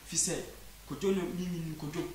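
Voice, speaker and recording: A woman with a Ghanaian accent talks through an issue on a chat show in a fairly low voice. She talks emphatically and doubles up words when she presses a point. The room is echoey, with a faint hiss behind her. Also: fairly even intonation, fast talker, a little mellow. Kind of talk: casual chat show discussion.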